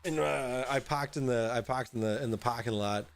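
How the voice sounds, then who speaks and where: A young adult man hosting a casual livestream from home, tipsy, rambling and halting with lots of fillers and swearing. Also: mid-range voice, creaky, soft background music. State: tipsy from drinking. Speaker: host. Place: at home in an apartment.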